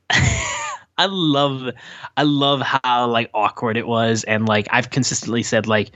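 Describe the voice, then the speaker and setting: A man co-hosting a wrestling podcast, chatting casually and rambling with lots of fillers, acting out quotes in higher voices. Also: fairly bright tone, no echo. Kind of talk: casual show recap chat. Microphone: his own mic acting up.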